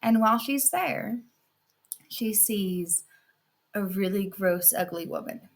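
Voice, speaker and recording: A woman hosting a podcast who retells a fairy tale in a casual, expressive way with many fillers. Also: medium pitch, takes it slowly, gravelly. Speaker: podcast host.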